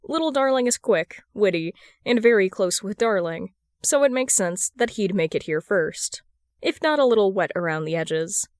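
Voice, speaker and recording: A woman reading a fan fiction story aloud as a podfic narrator, in a steady storytelling manner. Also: medium pitch, moderate pace, no echo, studio quality. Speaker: podfic reader.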